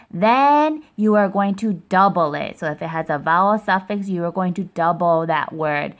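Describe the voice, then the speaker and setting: A woman's voice: medium pitch, fairly bright tone. A woman teaching a recorded phonics lesson to first graders, explaining spelling rules step by step in a patient way.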